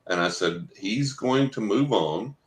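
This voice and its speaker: A man's voice: lowish voice, lively intonation, measured pace. A man who works as a psychic, telling a long story on a podcast and quoting the people in it. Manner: anecdotal, quotes others in dialogue. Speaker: psychic guest. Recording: roomy echo.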